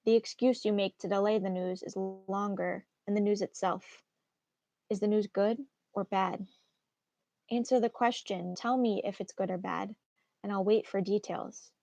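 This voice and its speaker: A woman's voice: medium pitch, steady tone, measured pace, creaky, warm tone, no echo. A woman reading aloud as an impatient, eager teenage girl who pleads and presses with question after question. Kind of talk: read-aloud of a play.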